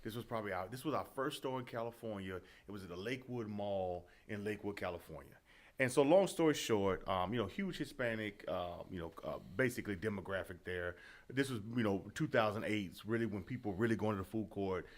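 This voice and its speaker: A man's voice: on the low side, fairly quick. A man chatting casually on a podcast, telling a story about running his restaurant. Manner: chatty, agreeing interjections, plain storytelling. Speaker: podcast co-host and restaurant owner. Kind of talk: casual chat.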